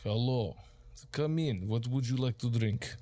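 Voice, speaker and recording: A man doing a calm minotaur bartender. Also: mid-range voice, unhurried, lightly acted. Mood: polite.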